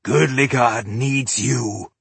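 A man voicing a gruff, battle-hungry male dwarf warrior who growls and bellows his taunts. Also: mid-range voice, drawn-out words, pushed and bright, dry recording, heavily acted. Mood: urging.

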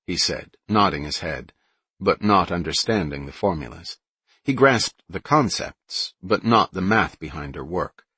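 A man narrating an audiobook in a steady, even storytelling manner. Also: low voice, normal speed, husky, dry recording.

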